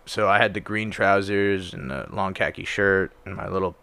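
Sitting low and creaky yet sharp, clear and resonant, this young man's voice moves at a moderate pace with fairly even intonation. He tells stories casually on a podcast, relaxed and profane, with plenty of fillers.

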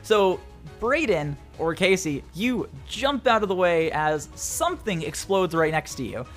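Young guy gm, high voice, laughs a lot, super casual. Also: a little slow, soft background music. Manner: laughs often, casual and animated. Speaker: game master. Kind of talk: narrating a tabletop game.

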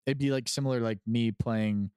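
A man's voice: medium pitch, fairly even intonation, normal speed, a little mellow, clear, resonant tone, no room sound, studio quality. A man co-hosting a podcast, talking in a laid-back, offhand way with stammering restarts. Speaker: podcast co-host. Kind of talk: casual chat.

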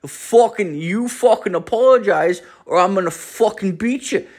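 A man's voice: high-pitched, normal speed, a little mellow, husky, voice pushed up. A man doing a garbled Newfoundland guy. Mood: agitated. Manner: garbled, swearing in every phrase. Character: rambling foul-mouthed Newfoundland working man.

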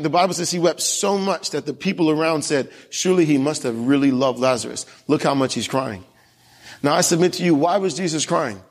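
A man's voice: fairly high pitch, in a large hall. A young man preaching a sermon, telling a family story and asking the congregation questions. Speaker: pastor. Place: church.

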